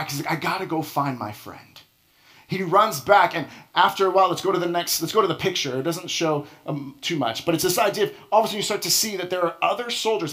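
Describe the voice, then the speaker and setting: A man with a slightly higher voice preaches a sermon in a conversational tone. He leans on dramatic pauses and sometimes sinks to a near-whisper to drive a point home. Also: fairly bright tone. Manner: conversational, with frequent restarts and movie examples. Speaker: pastor.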